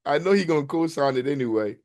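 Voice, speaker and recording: A man's voice: fairly high pitch, lively intonation, fast, a little mellow. A man, a course participant, joking and teasing in slangy casual banter on a video call.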